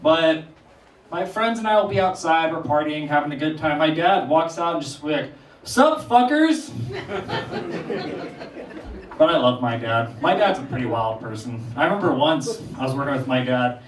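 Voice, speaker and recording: A young man performing a stand-up comedy set on a small theater stage, telling animated stories and firing off incredulous questions. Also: fairly high pitch, a little fast, a little hiss or hum. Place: small theater stage before a live audience. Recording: distant roomy mic with crowd laughter.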